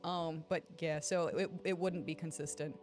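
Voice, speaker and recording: A woman chatting casually during a game playthrough, rambling and swearing freely, with big animated swings in her voice as she tells a story. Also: low voice, moderate pace. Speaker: gaming YouTuber. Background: game music.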